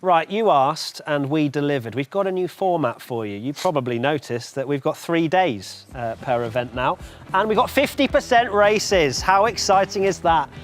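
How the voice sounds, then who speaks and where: A man's voice: a little high, lively intonation, normal speed. A man presenting an esports racing show, teasing and upbeat with his co-hosts.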